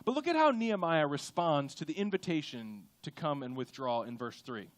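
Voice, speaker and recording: Animated young male pastor preaching. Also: a little high, normal speed, dry recording. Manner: animated, acts out quoted voices. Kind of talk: sermon. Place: church auditorium.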